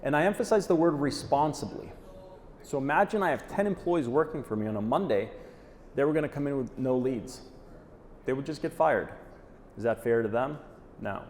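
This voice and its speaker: A male presenter with a mid-range, slightly mellow voice speaks at normal speed with expressive delivery. Giving a live conference talk, he stays punchy and direct and often checks in with "okay?" after a point. The recording has a reverberant hall sound and faint noise.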